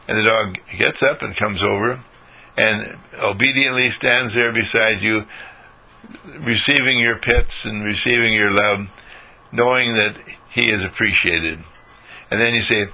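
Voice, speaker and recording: A man's voice: fairly low pitch, normal speed, vocal fry, sharp tone, husky, low-quality recording. An older man giving a folksy moral talk, acting out little everyday scenes as he goes. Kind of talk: storytelling lecture.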